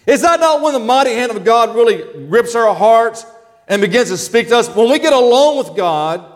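A man preaching a sermon, reading Bible verses with slow, drawn-out emphasis and asking the congregation for responses. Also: very high-pitched, sing-song, long reverb tail.

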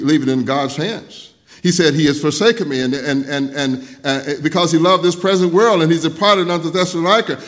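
High-voiced older pastor telling stories. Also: male voice. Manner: storytelling, drops soft and low for quoted talk, rises loud when preaching. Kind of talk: sermon with personal stories.

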